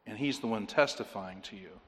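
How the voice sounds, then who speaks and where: A man's voice: on the low side, a little fast, a bit bright. Man preaching in a reverberant hall. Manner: earnest, rising to emphatic pleading. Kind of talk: sermon.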